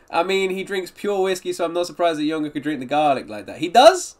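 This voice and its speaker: A man's voice: sits high, big pitch swings, a little fast, hardly any pauses, faint music behind. A man live-streaming a reaction, chatting upbeat with his viewers and greeting them by name. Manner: upbeat, greets and answers viewers' chat often.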